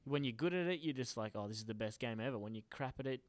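A man's voice: medium pitch, animated, fast, no room sound. Young male co-host, upbeat and jokey, dry close mic. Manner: enthusiastic, jokey, laughing often. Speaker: podcast co-host. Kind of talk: casual chat.

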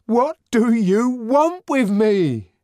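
A man voicing a wild young male outcast who is cornered and furious, shouting in desperate anger. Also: very high-pitched, expressive, drawn-out words, dry recording, clean studio sound, voice pushed up, full character voice. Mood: pleading.

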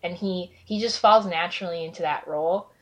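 A woman chatting casually as a podcast co-host, talking fast with lots of filler words. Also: on the low side. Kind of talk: casual fan chat.

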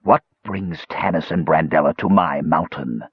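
A man voicing a menacing, bodiless dead wizard in an audiobook, with a rasping, hissing voice and slow, mocking delivery. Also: rumbling low, dry recording, dull audio, full character voice. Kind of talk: audiobook character voice.

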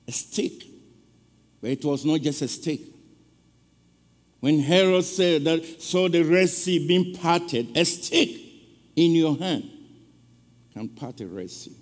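A man preaching a sermon in a church, telling an emotional story and calling out questions to the congregation. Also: on the high side. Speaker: guest preacher. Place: church sanctuary. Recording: long church reverb.

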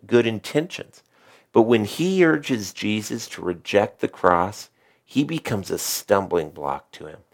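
A middle-aged man preaching a sermon as pastor, rising on key lines and dropping to quiet asides. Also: on the low side.

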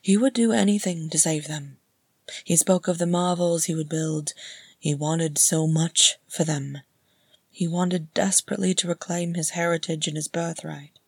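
A woman voicing an elderly male hobbit with a cracked, wavering voice, gentle and wistful, in a storybook reading. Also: low-pitched, fairly even intonation, normal speed, slightly rough, dry recording, clean studio sound. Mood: reminiscing.

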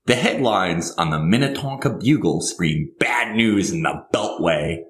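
A man reading his own screenplay aloud in a comedy bit, halting and rambling when he is interrupted. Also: sits low, animated.

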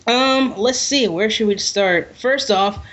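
A man's voice: high voice, takes it slowly, a bit bright, muffled recording. A man from New York hosting a casual podcast, jokey and hesitant with many ums. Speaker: podcast host.

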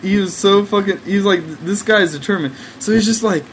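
A man's voice: high-pitched, a little fast, a little hiss or hum, low-quality recording. Rambling young man telling a story. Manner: rambling, heavy use of "like", profane, laughing often. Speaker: podcast host. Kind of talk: casual storytelling.

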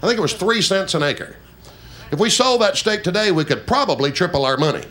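Lively joking country singer on stage. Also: male voice, high voice, a little fast, noisy background. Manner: joking, teasing, folksy storyteller. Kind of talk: live stage banter with the audience. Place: live concert stage.

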